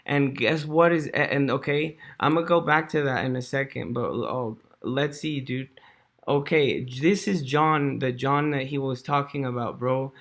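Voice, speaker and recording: A man's voice: mid-range voice, measured pace, a bit bright. A man ranting casually to camera in a slangy, rambling way, full of fillers, swearing, dude and bro. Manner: rambling, restarts, chuckles to himself. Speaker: vlogger.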